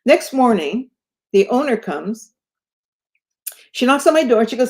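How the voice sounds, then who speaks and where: A woman's voice: fairly high pitch, measured pace, pauses often. A woman guest telling a personal story in a conversation, acting out the voices of the people in it. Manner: animated, acts out the voices in her stories.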